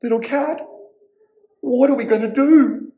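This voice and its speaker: A man voicing a small, fretful little witch woman in a children's story, talking high and apologising in a fluster. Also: a little slow, echoey room, dull audio. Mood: worried.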